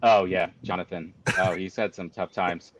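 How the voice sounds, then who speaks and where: A man telling a long story on a call in an animated, ranting way, jumping high when he quotes himself. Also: normal speed, rough recording.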